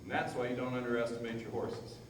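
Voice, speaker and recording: Horse trainer, man, calm and coaching, heard from a distance in a roomy arena with faint noise. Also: mid-range voice, fast. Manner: calm, explains to viewers while soothing the horse. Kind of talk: training demonstration with commentary.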